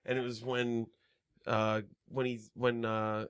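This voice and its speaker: A man's voice: mid-range voice, flat delivery, slow pace, clean tone. A man co-hosting a podcast, recapping a movie plot in a rambling, profane way. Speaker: podcast co-host. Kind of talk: casual comedic chat.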